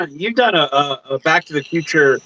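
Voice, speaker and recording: A man's voice: a little high, lively intonation, normal speed, sharp tone. A man hosting a casual interview, asking short questions and chiming in. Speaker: host. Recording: dull dry lo-fi recording.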